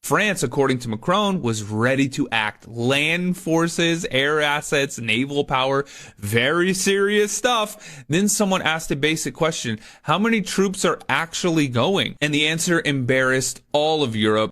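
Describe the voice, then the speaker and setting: A man's voice: on the high side, lively intonation, unhurried, fairly bright tone. A man narrating scripted political commentary in a punchy, emphatic way with folksy asides.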